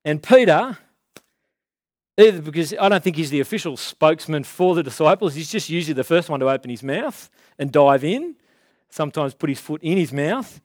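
A man preaching a casual sermon in a conversational way, slowing down to stress key words. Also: fairly high pitch, expressive, dry recording, clean studio sound.

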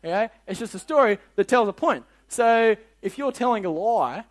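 High, lively Australian youth leader. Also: male voice, normal speed. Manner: energetic, slangy, quizzes the audience. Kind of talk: youth Bible lesson.

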